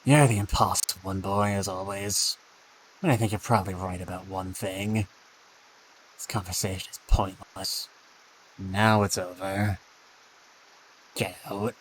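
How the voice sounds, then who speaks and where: A man's voice: sits low, steady tone, measured pace, long pauses, slight background noise, rough recording. A man voicing a stern, scornful older father in a game, delivering clipped, contemptuous scolding.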